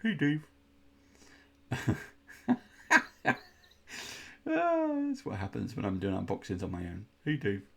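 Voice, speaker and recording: Sitting low and gravelly, a little mellow with a breathy edge, this man's voice swoops wildly in pitch and runs a little fast. He's casually unboxing miniatures indoors, chatty and rambling, with playful disgusted groans.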